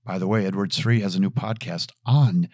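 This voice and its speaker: A man's voice: low-pitched, steady tone, a little fast, a little mellow, dry recording, studio quality. A man giving an earnest Catholic podcast teaching, telling stories and repeating key phrases for emphasis. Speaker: Catholic speaker.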